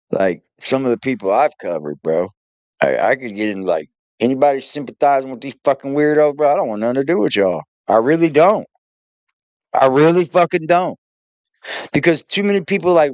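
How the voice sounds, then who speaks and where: A man's voice: mid-range voice, very animated, normal speed, no room sound. A man hosting a reaction show, casual, profane and mocking, laughing often. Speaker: reaction channel host.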